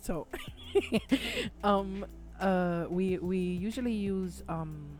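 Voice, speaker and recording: A woman's voice: mid-range voice, big pitch swings, drawn-out words, a little mellow, soft background music. A woman with a Spanish accent co-hosting a casual live stream, chatty and sometimes fumbling her words.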